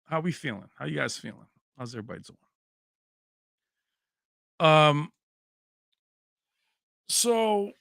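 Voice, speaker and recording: Male streamer, casual rambling chat, raised pitch, bright dry sound. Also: slow, gravelly, long pauses, no echo. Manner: rambling and animated, laughs often, answers chat by name. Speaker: livestream host.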